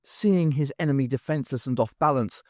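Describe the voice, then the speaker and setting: A man narrating an unabridged audiobook in a measured, dramatic reading. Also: mid-range voice, darkish tone, no room sound, clean studio sound. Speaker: audiobook reader.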